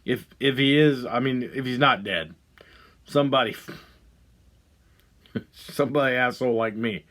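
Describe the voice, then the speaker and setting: A man hosting a podcast, delivering a profane, heated monologue that swings between loud outbursts and low muttering. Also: a little slow. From Ohio. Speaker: podcast host. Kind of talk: angry ranting monologue.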